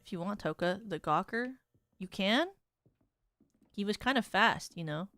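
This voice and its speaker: A woman's voice: mid-range voice, lively intonation, unhurried, fairly bright tone, dry recording. A young adult woman streaming a video game, casually chatting, reading in-game text aloud, swearing and laughing when surprised. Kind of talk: casual gameplay commentary.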